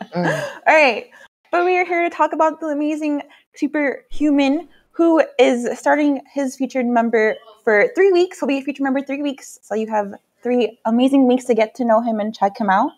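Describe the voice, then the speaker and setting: A woman co-hosting a casual podcast on a call mic, bubbly and quick to laugh. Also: sits high. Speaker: podcast co-host.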